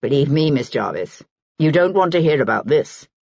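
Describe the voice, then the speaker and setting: A woman voicing a reserved aristocratic gentleman who speaks in a bland, measured way in an audiobook. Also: low-pitched, animated, creaky, husky, no echo, dull audio, full character voice.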